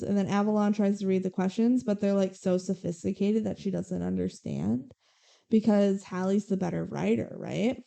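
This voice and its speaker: A young woman with a mellow, warm-toned voice recapping a film for a podcast. She talks in a loose, chatty way, throwing in sarcastic asides as she goes. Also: medium pitch, normal speed, creaky. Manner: chatty, sarcastic, quotes characters in passing. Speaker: podcast co-host. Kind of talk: casual movie recap chat.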